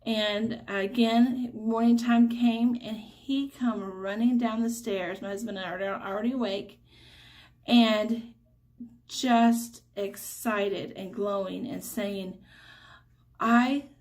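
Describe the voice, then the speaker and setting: A middle-aged woman, telling a religious testimony as a mother in an earnest, halting way with many fillers. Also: mid-range voice, fairly even intonation, darkish tone.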